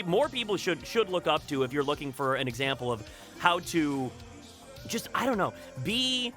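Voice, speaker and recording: A man's voice: a little high, pushed and bright. A man hosting a casual chat podcast, rambling and repeating words, laughing often. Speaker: podcast host.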